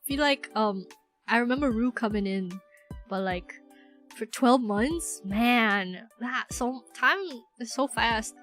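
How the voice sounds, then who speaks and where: A woman's voice: a little high, slow pace, fairly bright tone, faint music behind. A young woman from the Philippines chatting on a livestream, rambling and giggly with lots of fillers. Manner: rambling, giggly, filler-heavy, self-mocking. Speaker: VTuber streamer. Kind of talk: casual livestream chat.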